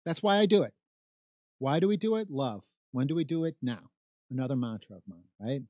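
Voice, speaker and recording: This political commentator, a middle-aged man from the South Side of Chicago, hammers his points with repetition and rhetorical questions in an emphatic monologue. His mid-range voice is expressive, mellow, and a little fast, recorded dry in a clean studio.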